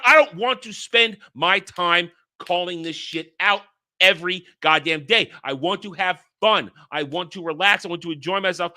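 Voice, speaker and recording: A man's voice: high voice, sharp tone. A man hosting his own channel, delivering a heated, emphatic commentary rant, punching single words and tossing in crude insults and mocking quoted voices. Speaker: host. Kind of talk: ranting commentary monologue.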